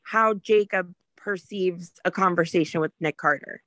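A young adult woman co-hosting a podcast, chatting in a relaxed, easygoing way. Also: fairly low pitch, measured pace, dry recording. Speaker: podcast co-host. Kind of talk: casual podcast chat.

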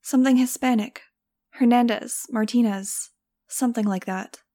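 A woman's voice: a little high, fairly even intonation, moderate pace, mellow, pitched above the performer's own voice, close to an everyday voice. A woman reading an audiobook, voicing a cold, stern female lab director who talks in a curt, contemptuous way. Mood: panicked.

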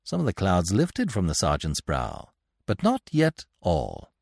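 Male audiobook narrator, low and expressive. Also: creaky, breathy edge, no room sound, studio quality. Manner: measured, expressive reading.

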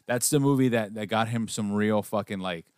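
A man co-hosting a casual film-review podcast, arguing in an animated, profane way and acting out lines from films. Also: lowish voice, normal speed, clear, resonant tone, no echo, studio quality. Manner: animated, profane, argumentative, acts out quotes. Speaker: podcast co-host.

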